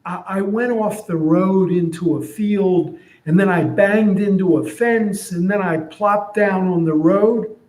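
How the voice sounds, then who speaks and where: A man voicing a meek male donkey who stammers and defends his owner, in a higher, softer voice than his own, in an echoey room. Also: a little slow, few pauses. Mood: meek, defensive. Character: meek battered male donkey, loyal, making excuses. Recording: roomy echo.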